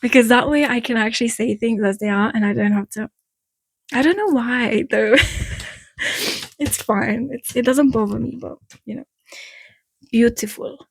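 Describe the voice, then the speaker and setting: A woman's voice: fairly high pitch, fairly even intonation, normal speed, gravelly. Frank chatty woman, Eastern European accent. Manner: frank and chatty, drifts off topic, laughs at herself. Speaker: vlogger giving breakup advice. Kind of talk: casual direct-to-camera talk.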